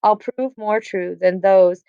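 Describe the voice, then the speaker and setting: A woman's voice: medium pitch, slow, gravelly, clean tone, no echo. A woman reading the lines of a young, forward, worried noblewoman in old verse, slightly lifted and earnest. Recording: dry, slightly dull recording.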